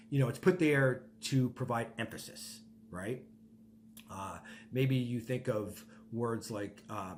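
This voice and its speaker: A man's voice: mid-range voice, slight background noise. A man preaching a sermon in an emphatic way, often tagging points with "right?" and repeating words as he goes. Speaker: pastor. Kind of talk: podcast sermon.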